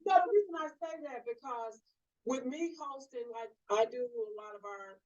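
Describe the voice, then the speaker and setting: Interviewer woman, high and lively pitch, hesitant delivery, dull muffled recording. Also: normal speed. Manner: hesitant, self-conscious. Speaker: interviewer and show host. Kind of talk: casual interview talk.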